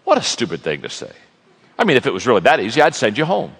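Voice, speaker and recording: A man preaching a sermon, telling stories with lively energy and acting out the people in them. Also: mid-range voice, fast talker, creaky, slightly rough, long reverb tail. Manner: animated storytelling, acting out characters. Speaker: guest speaker.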